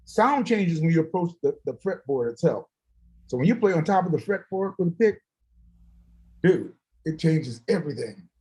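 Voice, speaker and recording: A man in a casual chat tells stories with lots of laughter and acts out the people he quotes. His voice sits a little high for a man and swings a lot from line to line. He sounds like he is on a video call. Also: normal speed, low-quality recording. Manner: animated, laughing storyteller who acts out quotes. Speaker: guest musician.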